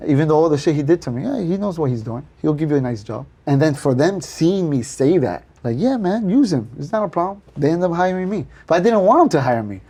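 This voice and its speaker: A man's voice: fairly high pitch, quick pace, few pauses. A middle-aged man from Miami, a plaster applicator, chatting in a casual interview and acting out the people he quotes. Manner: animated storyteller, acts out quotes. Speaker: guest, plaster applicator and company owner.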